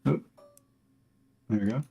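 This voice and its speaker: A man's voice: slow pace, mellow, highs cut off, faint music behind. A man playing a tabletop wargame, working hesitantly through his moves. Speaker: player. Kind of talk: tabletop game chat.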